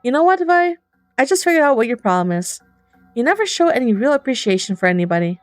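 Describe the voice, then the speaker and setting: A woman voicing a cowardly, boastful young man in a visual novel, loud and crude. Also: fairly high pitch, big pitch swings, fast talker, no room sound, soft background music. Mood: brash.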